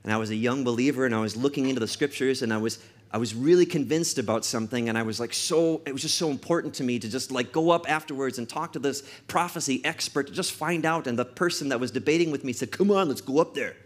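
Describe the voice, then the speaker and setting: Male pastor, mid-range voice, emphatic sermon delivery that slows for stress and repeats lines, brisker when telling stories. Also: medium pitch. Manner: emphatic, with slowed-down stressed phrases and repetition for effect; storytelling asides in a quick conversational tone.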